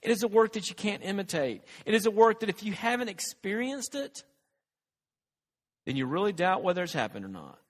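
Male pastor, higher-pitched, preaching in a loose, conversational way, recorded in a big echoing hall. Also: big pitch swings, brisk. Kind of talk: sermon.

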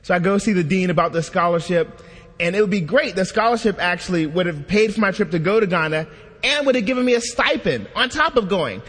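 Man, preacher, animated storytelling, fairly high voice, long hall echo. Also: brisk, husky. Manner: animated, acts out quoted dialogue. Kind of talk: sermon storytelling.

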